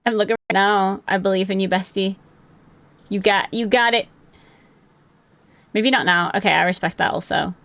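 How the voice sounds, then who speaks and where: Rambly young woman with a gravelly voice. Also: medium pitch, fairly even intonation, moderate pace, long pauses, fairly bright tone, dry recording. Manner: chatty, rambling, answers chat by name. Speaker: live streamer. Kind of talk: casual live-stream chat. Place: her room at home.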